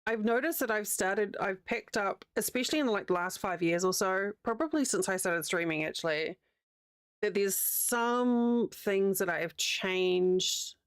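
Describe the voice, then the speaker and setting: A woman's voice: medium pitch, a little slow, clean tone, no room sound. Chatty New Zealand woman on a dry mic. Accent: New Zealand, with a slight American Southern tinge. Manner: chatty, rambling, laughs easily. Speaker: livestreamer. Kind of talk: casual chat while crocheting on stream.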